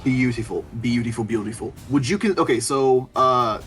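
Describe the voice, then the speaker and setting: A man's voice: mid-range voice, normal speed, fairly bright tone, slight background noise. Eager man narrating his attacks. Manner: eager, relishing, describes attacks in vivid detail. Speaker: player. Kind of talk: playing a tabletop game online. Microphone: headset.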